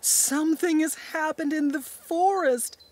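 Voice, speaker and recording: A woman's voice: sits high, fairly even intonation, measured pace, a little mellow. A woman voicing a wise old tree in a cartoon, formal and a little scolding.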